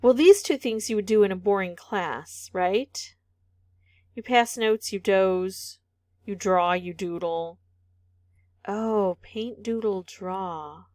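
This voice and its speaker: A woman's voice: mid-range voice, slow, darkish tone, dry recording, studio quality. A woman vlogger thinking aloud as she solves a word puzzle, muttering candidate words, some half-whispered, and second-guessing herself.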